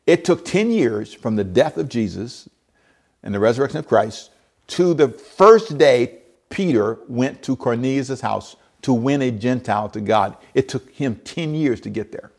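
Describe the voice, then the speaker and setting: A man preaching a sermon, animated and getting out of breath, swinging from loud bursts to quiet asides. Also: medium pitch, a little slow, creaky. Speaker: pastor.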